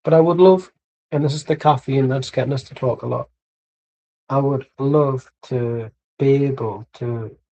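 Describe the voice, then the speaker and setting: Gravelly English guy rambling casually. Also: mid-range voice, unhurried, mellow, lo-fi sound. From England. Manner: chatty, tangential, swears casually. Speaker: streamer hosting a football watchalong.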